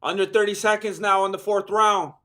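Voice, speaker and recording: A high-pitched, hoarse man calls a fight live. His tired voice sounds worn out, but he stays excitable and joking and throws in Spanish slang. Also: a little fast. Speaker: fight watch-along host.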